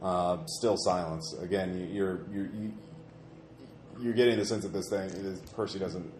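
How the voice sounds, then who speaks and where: Brief: game master, hesitant, filler-heavy narration; echoey room, light noise. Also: male voice, low-pitched, fairly even intonation, moderate pace, a little mellow.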